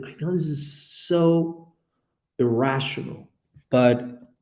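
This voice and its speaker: Excitable gravelly man in his forties. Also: lowish voice, echoey room. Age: 40s. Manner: excitable and rambling, quick swings between loud and hushed. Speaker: livestreaming artist. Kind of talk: casual livestream chat. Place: office room.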